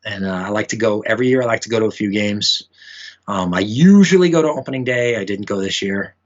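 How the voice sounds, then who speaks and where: Casual male musician guest, slightly low voice, halting and rambling delivery, muffled home recording. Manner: rambling, many fillers and restarts. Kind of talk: casual interview chat. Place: home room with memorabilia.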